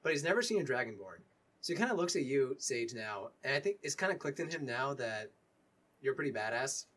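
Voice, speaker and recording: Husky male game master. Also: mid-range voice, animated, fairly quick, a bit bright, distant mic. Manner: loose, rambling narration. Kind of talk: narrating a tabletop game.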